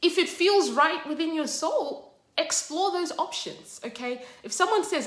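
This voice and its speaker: A woman hosting a study session, teaching in a chatty, animated way. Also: extremely high pitch, unhurried, echoey room. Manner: chatty, animated storytelling, laughs often. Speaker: study group host. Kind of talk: casual teaching monologue.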